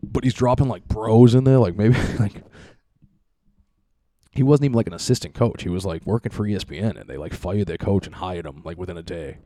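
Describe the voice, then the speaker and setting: Deep dark-voiced man rambling casually. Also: fairly quick, dry recording, studio quality. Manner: loose, profane, laughs often, lots of "like". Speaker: podcast host.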